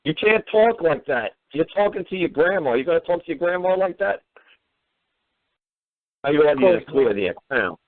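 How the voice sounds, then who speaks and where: A man's voice: a little high, lively intonation, normal speed, no room sound. Profane ranting man on tinny radio. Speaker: radio show host. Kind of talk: call-in radio talk. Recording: tinny phone-line radio audio.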